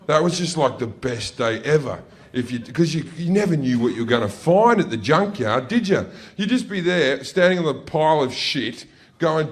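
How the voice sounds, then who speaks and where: An Australian stand-up comedian spinning rude childhood stories on stage. His voice sits a little high for a man, and he tells it loose and profane, with sudden yelled bits where he plays his family. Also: lively intonation, moderate pace. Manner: profane, loose, jumps into loud yelled impressions. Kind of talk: stand-up storytelling. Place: stage before a laughing audience.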